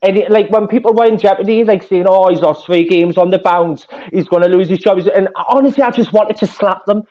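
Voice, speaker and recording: A man with a Geordie accent, a football fan gushing excitedly in a casual chat, laughing often. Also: high-pitched, fairly quick. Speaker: fan panelist. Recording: muffled lo-fi audio.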